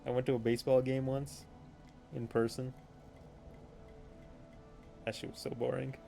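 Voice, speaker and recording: A man's voice: mid-range voice, level tone, unhurried, creaky, dark tone, faint music behind. A young man streaming a game, chatting casually with viewers in a joking, offhand way and laughing often. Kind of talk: casual chat reading viewer messages.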